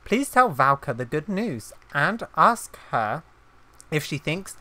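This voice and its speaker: Wise old school headmaster, lady just reading him, low voice. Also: sing-song, slow pace, bright, forceful tone, full character voice. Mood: calm. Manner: reads game text aloud plainly.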